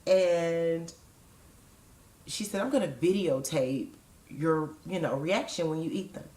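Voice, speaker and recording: A woman's voice: low voice, animated, moderate pace, darkish tone, reverberant. A woman vlogging in a casual, chatty way, frank and digressive, with joking asides. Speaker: vlogger sharing weight-loss surgery experience.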